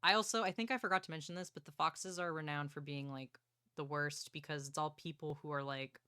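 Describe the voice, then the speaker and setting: A young woman streamer casually recapping a novel, excited and swearing, acting out characters' lines. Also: deep voice, a little fast, clear, resonant tone, no echo, clean studio sound. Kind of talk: casual book recap chat.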